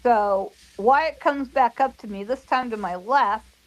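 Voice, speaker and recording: A woman's voice: fairly high pitch, unhurried, rough recording. A middle-aged woman, a guest psychic, telling a story animatedly and dramatically in casual podcast talk, acting out sound effects.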